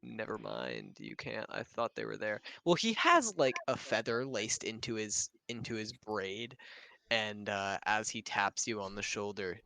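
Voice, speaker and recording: Male tabletop player, halting casual talk, smooth clear voice. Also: on the low side, big pitch swings, pushed and bright, no room sound. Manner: halting, searching for words. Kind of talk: casual game chat.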